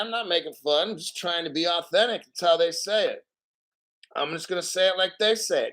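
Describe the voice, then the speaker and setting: A man hosting a casual livestream, reading out donations and ranting bluntly with lots of swearing and frequent throat clearing. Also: sits high, animated, a little fast, fairly bright tone. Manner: blunt, profane, combative. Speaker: crypto livestream host.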